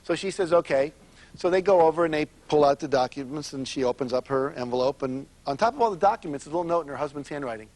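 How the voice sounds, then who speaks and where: High-voiced man giving a seminar. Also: animated, quick pace, a little mellow. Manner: storytelling, asks the audience questions. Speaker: motivational speaker. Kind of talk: live seminar talk.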